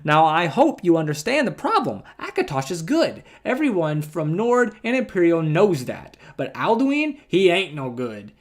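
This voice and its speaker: Man voicing a stubborn Nord storyteller, folksy twang, somewhat high voice, read-aloud book. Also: big pitch swings, normal speed, hardly any pauses. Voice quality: rural twang. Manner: reading aloud in character.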